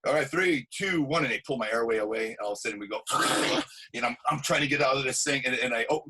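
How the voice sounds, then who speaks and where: A man, an actor and stuntman, telling animated anecdotes in a casual interview, acting out quotes. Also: mid-range voice, fast, noisy background.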